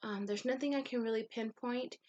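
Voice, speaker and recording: A woman's voice: on the high side, fairly even intonation, a little fast, darkish tone, lo-fi sound. A woman who is a mother of young kids, talking to camera in a candid, rambling confessional vlog, full of ums and casual swearing. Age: adult mother of young children. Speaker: vlogger.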